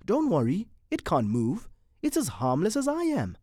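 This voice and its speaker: A reader putting on a good-humored husband with a wry, teasing streak. His lines come louder and brighter than the narration, full of lively lifts, as in a storybook reading. The sound is dry and close. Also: sits high, normal speed, dry recording, voice pushed up, heavily acted.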